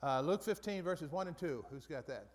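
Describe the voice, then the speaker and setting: Man, Bible study leader, slightly high voice, casual teaching, repeats himself, long hall reverb. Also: animated, moderate pace. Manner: conversational, with frequent restarts and repeated phrases. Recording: long reverb from a large room.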